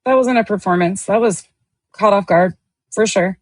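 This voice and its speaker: A woman talks back at clips of other streamers on her channel, her remarks sarcastic and defensive. Her voice sits at a middle pitch. The sound is dry and close. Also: normal speed, dry recording. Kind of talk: reaction commentary.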